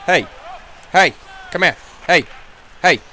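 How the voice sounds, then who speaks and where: A man doing loud, taunting gameplay commentary, trash-talking in character as his hockey player. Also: on the high side, takes it slowly, slight background noise. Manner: loud, taunting, animated and jokey. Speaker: gamer.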